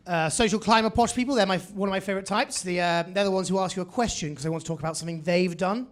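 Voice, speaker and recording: A man's voice: sits high, racing, hardly any pauses. A man with a posh English accent performing a wry, self-mocking stand-up set on a comedy club stage. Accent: English upper-class. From England.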